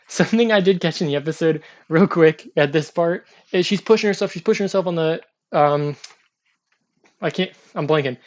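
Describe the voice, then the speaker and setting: A man's voice: on the high side, lo-fi sound. A man casually recapping a TV episode in a chatty, loose way, with lots of fillers and restarts. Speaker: TV episode reviewer.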